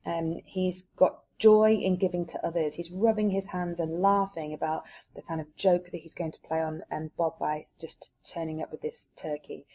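A woman teacher reading a novel aloud and explaining it steadily, often pausing on hesitations. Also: lowish voice, steady tone, mellow, a little hiss or hum. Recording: dull lo-fi recording.

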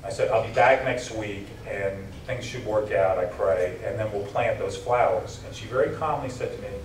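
A man's voice: on the low side, moderate pace, hardly any pauses, a little hiss or hum. A man giving an emotional keynote speech at a banquet, telling personal stories with a voice that drops and catches at tender moments. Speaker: keynote speaker. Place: banquet hall. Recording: roomy hall recording from a distance.

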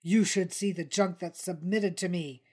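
A woman's voice: lowish voice, steady tone, moderate pace, mellow, slightly rough. A woman voicing a pompous, huffy male T-Rex who runs a jungle publishing business, blustering and indignant. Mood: defensive.

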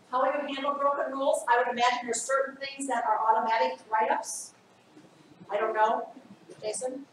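A woman in her fifties leads a staff training workshop, animated and acting out little scenes as she explains. Her voice sits a touch high. She is picked up from across a very echoey room. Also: distant mic, a little hiss or hum. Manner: animated, acts out scenarios. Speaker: workshop presenter.

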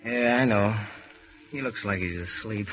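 An actor playing an eager, lovesick young sailor, earnest and pleading in 1930s radio drama style. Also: male voice, on the low side, a little slow, a bit bright. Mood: playful. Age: young adult. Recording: scratchy dull old radio transcription.

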